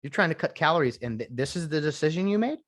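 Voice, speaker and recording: A man's voice: a little high, lively intonation, fast talker, fairly bright tone, voice pushed up. A man playing a stern grown male football coach who scolds a player while reviewing film. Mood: exasperated. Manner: scolding, demanding.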